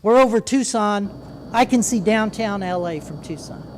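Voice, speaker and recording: A man, a former pilot, telling a humorous story with lively, animated delivery. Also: high-pitched, a little slow, a little hiss or hum. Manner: lively, animated, comic timing.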